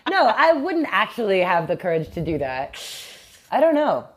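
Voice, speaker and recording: A woman podcast co-host in casual chat, reacting to a story with quick, dry asides and short agreements. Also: fairly low pitch, sing-song, very noisy.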